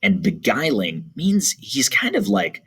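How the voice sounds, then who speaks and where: A man's voice: mid-range voice, huge pitch swings, measured pace, creaky, pushed and bright, husky. A man teaching English, reading a poem aloud and explaining it to teens in a casual way full of fillers.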